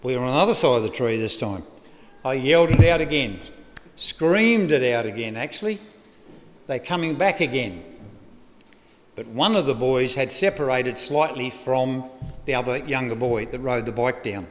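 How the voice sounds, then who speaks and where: A man's voice: medium pitch, animated, normal speed. A man with an Australian accent giving a eulogy, spinning a rambling, humorous yarn at a lectern microphone. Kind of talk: eulogy anecdote. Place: funeral service venue. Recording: echoey funeral hall.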